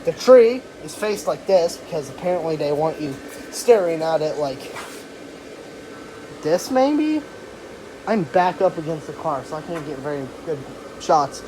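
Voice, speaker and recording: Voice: medium pitch, unhurried, rough recording. A hobby reviewer talking through an inflatable decoration in a casual, rambling and self-deprecating way, filmed beside a parked car. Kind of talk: casual spoken product review. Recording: steady loud background hum.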